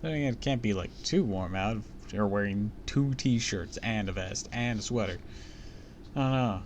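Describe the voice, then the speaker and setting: A man's voice: fairly low pitch, moderate pace, slight background noise. A man streaming a live read-aloud of a book, breaking off into casual comments and jokes. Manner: chatty, comments and jokes between passages.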